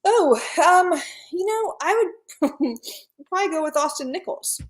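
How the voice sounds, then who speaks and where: A woman co-hosting a casual movie podcast, animated and giggly, joking about herself. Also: very high-pitched, a little slow. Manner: giggly, animated, self-deprecating. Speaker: podcast co-host.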